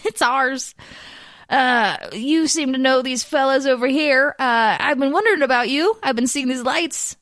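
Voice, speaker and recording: Woman putting on a chatty short folksy guy, eager, raised pitch, dry sound. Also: a little slow, a bit bright, no room sound. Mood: friendly. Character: folksy friendly short man.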